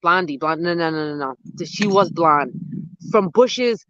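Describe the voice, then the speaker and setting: A gardening host in their thirties, chatting casually with live viewers outdoors at dusk. They ramble excitedly and use a lot of slang. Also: mid-range voice, a little slow, no echo, dull audio. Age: 30s. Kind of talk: casual live-stream chat answering viewers.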